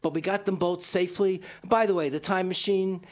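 A man's voice: high voice, steady tone, brisk. A man co-hosting a community radio show, rambling and joking with many restarts. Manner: rambling, self-interrupting, jokey. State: out of breath. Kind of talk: casual radio chat.

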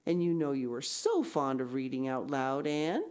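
A woman voicing an excitable young schoolgirl who pleads with her friend in a high, tearful, gushing way. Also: moderate pace. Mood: wistful coaxing.

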